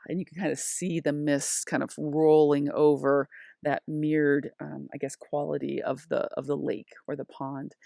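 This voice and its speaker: A woman in her forties, a high school English teacher, giving an expressive, chatty video lesson and reading literary examples aloud. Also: unhurried, vocal fry, no room sound, studio quality. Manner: expressive, gushing over sentences, chatty teacher tone.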